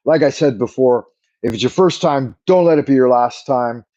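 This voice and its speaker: A man's voice: mid-range voice, moderate pace, warm tone. A middle-aged man hosting a casual late-night livestream, rambling and thanking viewers in a jokey put-on Irish lilt, talking into a camera mic. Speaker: livestream host. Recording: slightly muffled lo-fi stream audio.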